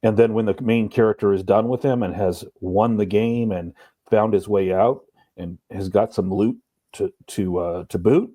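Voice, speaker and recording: A man co-hosting a podcast, talking through a book in a thoughtful, measured way. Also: lowish voice, steady tone, warm tone, no echo. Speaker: podcast co-host. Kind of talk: casual book discussion.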